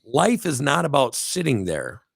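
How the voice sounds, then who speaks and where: A man's voice: mid-range voice, big pitch swings, a little slow, creaky, breathy edge, no echo, studio quality. A middle-aged man co-hosting a casual talk show, rambling and preachy, acting out little quotes as he goes. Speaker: podcast co-host. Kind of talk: casual motivational chat.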